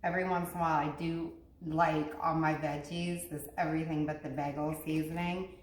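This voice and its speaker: A woman's voice: deep voice, level tone, fairly quick. A woman chatting affectionately while cooking, as co-host of a home cooking vlog. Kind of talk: casual chat while cooking. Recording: echoey room with clear background noise.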